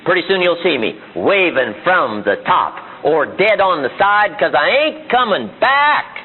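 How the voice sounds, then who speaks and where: A man's voice: high-pitched, very animated, a little hiss or hum. Emphatic male seminar speaker, tinny lo-fi sound. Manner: emphatic, with rapid-fire rhetorical questions. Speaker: motivational speaker. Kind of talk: live motivational seminar speech. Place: seminar room before an audience. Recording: tinny, phone-like archival seminar recording.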